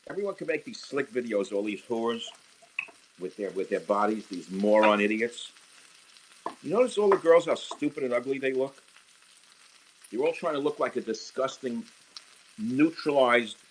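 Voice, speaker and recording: A man's voice: mid-range voice, normal speed, slight background noise, low-quality recording. A man talking casually while cooking on a livestream from his home kitchen. He speaks into a handheld phone and slides into crude, heated rants. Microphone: handheld phone camera. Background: sizzling frying pan.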